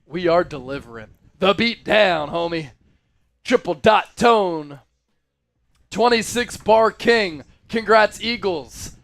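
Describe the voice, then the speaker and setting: High-voiced excited man, crisp. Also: slow pace, dry recording. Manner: chanting and shouting fan cheers; reads out viewer donations. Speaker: live stream host. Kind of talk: excited live sports stream chat.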